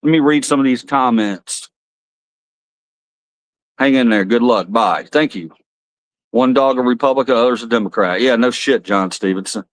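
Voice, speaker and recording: Male streamer, rambling and frank, mid-pitched voice, dry recording. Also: normal speed, long pauses, no echo. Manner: rambling, blunt, swears freely. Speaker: livestream host. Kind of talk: casual livestream chat.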